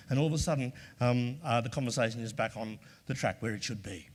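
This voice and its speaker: A man's voice: medium pitch, quick pace, few pauses, slight background noise. An Australian man giving a presentation to a live audience, emphatic and repeating key phrases, now and then acting out sample lines. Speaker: workshop presenter. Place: large room before an audience. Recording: long hall reverb.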